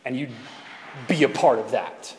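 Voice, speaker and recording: A man's voice: mid-range voice, lively intonation, a little slow, a little hiss or hum. A man preaching a sermon as pastor in a conversational, rambling way that often corrects itself mid-sentence. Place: church sanctuary. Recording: echoey hall reverb.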